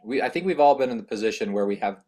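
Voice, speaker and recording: A man's voice: on the low side, lively intonation, rapid-fire, mellow. Man hosting an interview. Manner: supportive, asks follow-up questions. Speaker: podcast host. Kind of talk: interviewing a guest.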